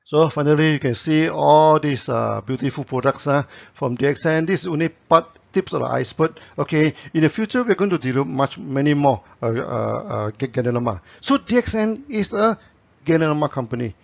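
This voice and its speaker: A man's voice: a little high, animated, fairly quick, vocal fry. A man, a company founder telling anecdotes in a promotional talk to camera, tagging his sentences with "you know". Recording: dull lo-fi recording.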